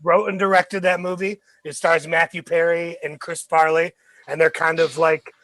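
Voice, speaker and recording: A man's voice: on the high side, little pitch movement, normal speed, fairly bright tone, no room sound. A man co-hosting a podcast, chatting about movies with enthusiasm and acting out favorite quotes. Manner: enthusiastic, quotes lines with laughs. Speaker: podcast co-host. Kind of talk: casual movie review chat.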